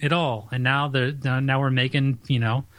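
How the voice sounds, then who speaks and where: A man's voice: mid-range voice, fairly even intonation, moderate pace, a bit bright, dry recording. A man co-hosting a podcast in casual chat, reading out articles and cracking dry jokes. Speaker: podcast co-host.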